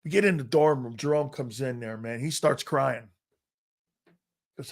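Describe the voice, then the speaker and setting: Middle-aged male sports talk host, storyteller, profane, lively delivery, slightly high voice. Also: moderate pace. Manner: profane animated storyteller, quoting people loudly.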